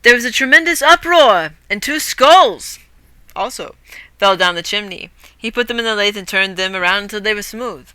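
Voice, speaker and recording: A woman's voice: mid-range voice, lively intonation, moderate pace, sharp tone, clear, resonant tone, no echo. A woman streamer reading a grim fairy tale aloud, often breaking off to swear and rant about it. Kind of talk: casual story reading with commentary.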